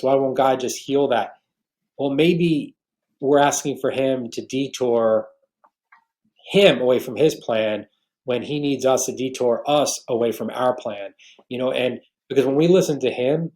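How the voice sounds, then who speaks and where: This podcast guest, a New Yorker in his forties, shares a heartfelt faith testimony, often starting sentences over. His voice is medium-pitched and a little mellow.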